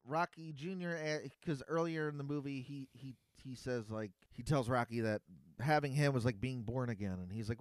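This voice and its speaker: A man co-hosting a podcast, casually retelling movie scenes with quick quoted lines. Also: medium pitch, smooth, no echo. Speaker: podcast co-host. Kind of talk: casual movie recap chat.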